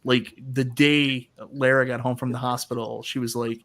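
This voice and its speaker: A man's voice: medium pitch, little pitch movement, moderate pace, fairly bright tone. A man in his thirties hosting a casual panel chat over a video call, a jokey storyteller who laughs a lot. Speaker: host of an arcade talk show.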